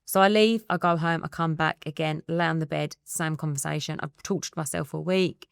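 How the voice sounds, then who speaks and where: Essex woman in her thirties, low gravelly register, rapid storytelling that acts out the dialogue, dry close sound. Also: fairly even intonation, no room sound. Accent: Essex English. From England. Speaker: guest. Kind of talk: candid emotional interview.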